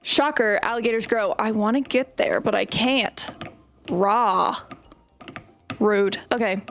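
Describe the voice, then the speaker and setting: A woman's voice: mid-range voice, slow, vocal fry, a bit bright, a little hiss or hum. A young woman chatting casually and telling stories while she plays a game on stream. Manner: chatty, storytelling while playing. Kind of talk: casual gaming stream chat.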